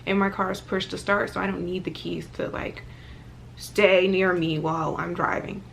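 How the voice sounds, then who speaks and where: Animated young woman telling a story. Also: lowish voice, moderate pace, creaky, a little hiss or hum. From Virginia, US. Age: 20s. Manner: animated storytelling with lots of fillers. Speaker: vlogger. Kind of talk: casual storytime.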